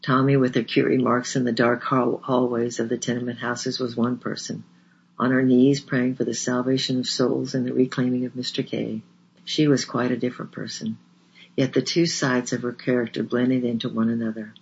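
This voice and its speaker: A man reading a memoir aloud in a measured, earnest way, in a slightly dull lo-fi recording. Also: medium pitch, little pitch movement, creaky, a little hiss or hum. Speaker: audiobook narrator.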